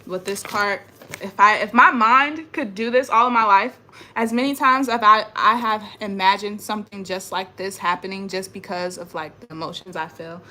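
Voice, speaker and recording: A young woman with a bright, sharp voice vents straight into her phone camera at home. She circles back to the same phrases again and again, emphatic and frustrated, in a spiritual rant. Faint noise hums underneath. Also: mid-range voice. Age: young adult. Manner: emphatic and repetitive, frustrated venting. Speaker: vlogger. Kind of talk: ranting spiritual vlog monologue. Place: at home indoors.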